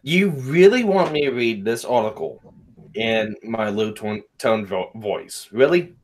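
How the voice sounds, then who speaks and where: A man's voice: lowish voice, expressive, measured pace. A man co-hosting a podcast, bantering playfully. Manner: joking, playful. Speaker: podcast co-host. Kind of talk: casual banter.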